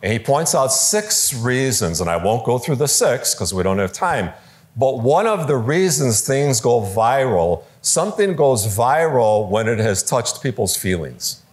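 Lively man giving a conference talk. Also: medium pitch, unhurried. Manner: conversational, lively, with quoted voices and fillers. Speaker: speaker teaching preachers.

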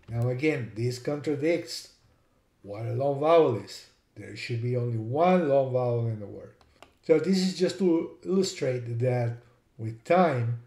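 A man's voice: mid-range voice, dark tone. Patient man teaching in an echoey room. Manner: patient, explains step by step, spells out words. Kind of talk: explanatory lesson.

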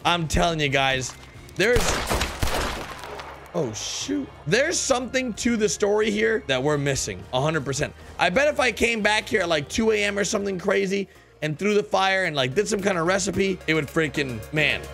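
Excitable young man narrating gameplay. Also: high-pitched, normal speed, gravelly, soft background music. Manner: excitable, exclamatory, talks to viewers as dudes. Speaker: gaming YouTuber.

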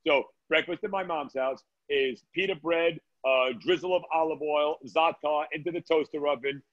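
A man's voice: a little high, moderate pace, fairly bright tone, no room sound, muffled recording. A man, a guest chef from Brooklyn, chatting casually on a video call from his restaurant, telling stories with many "uh"s and "right?"s. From Brooklyn, New York.

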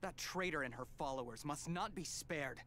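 Give me a scornful desert mercenary in a game, slightly raised pitch. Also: male voice, moderate pace, bright, forceful tone, a little hiss or hum. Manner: sneering, scornful. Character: sneering male desert mercenary, gruff.

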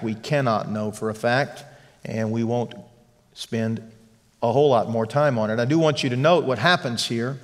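Male church Bible teacher, emphatic lecture, hushed asides, long hall reverb. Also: mid-range voice. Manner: emphatic, drops to a hush on key lines.

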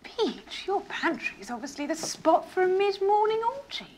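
An actress playing an arch, teasing young aristocratic niece with a mocking manner. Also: female voice, very high voice, very animated, normal speed, darkish tone, a little hiss or hum.

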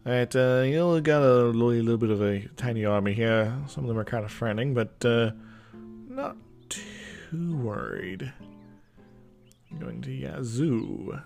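A man's voice: medium pitch, brisk, vocal fry, few pauses, darkish tone, soft background music. A young man giving casual let's-play commentary, rambling, mumbling and chuckling to himself as he plays. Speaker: gameplay commentator. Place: indoor room with loud trucks outside.

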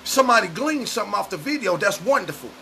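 Fiery high-voiced gravelly male preacher. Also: very animated, quick pace, a little hiss or hum. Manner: loud and emotional, often shouting. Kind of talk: fiery street sermon to camera. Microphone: camera mic, speaking to camera.

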